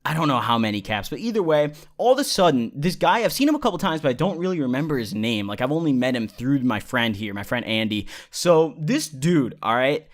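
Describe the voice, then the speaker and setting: A man's voice: mid-range voice, big pitch swings, a little fast, few pauses. A young man vlogging a casual, rambling, profane story with lots of energy.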